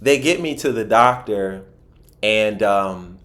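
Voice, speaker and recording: A man from Philadelphia, a podcast guest, telling a personal story in an animated way with frequent restarts and acted-out quotes. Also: on the low side, takes it slowly, a crowd in the background.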